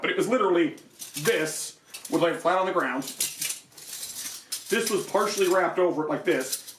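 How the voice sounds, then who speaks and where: A young man reviewing a product and ranting in exasperation, his voice jumping high in disbelief as he swears. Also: fairly bright tone, echoey room, far from the mic. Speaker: armor reviewer.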